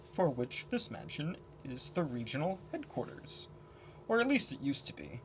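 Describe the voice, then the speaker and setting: A man reading the lines of a calm, learned older male mentor in a measured, explanatory way. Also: medium pitch, a little hiss or hum, poor audio. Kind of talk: audiobook character reading.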